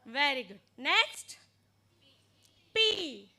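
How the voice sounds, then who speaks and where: A woman training teachers in phonics, modeling letter sounds slowly and deliberately. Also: very high-pitched, animated, bright, forceful tone.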